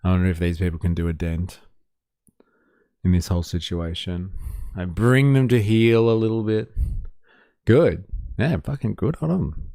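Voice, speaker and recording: Male livestream commentator, very low gravelly voice, blunt and sarcastic, dry close mic. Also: normal speed, long pauses, warm tone, dry recording. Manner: blunt, sarcastic, swears freely. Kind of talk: casual livestream commentary reading chat.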